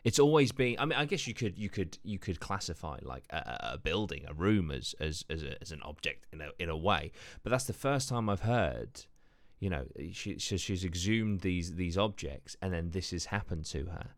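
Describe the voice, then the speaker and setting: A man's voice: sits low, expressive, normal speed, no echo. A man hosting a paranormal podcast, reacting enthusiastically and stumbling through his thoughts. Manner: enthusiastic, stumbling, with many restarts. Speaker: podcast host. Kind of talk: casual podcast chat.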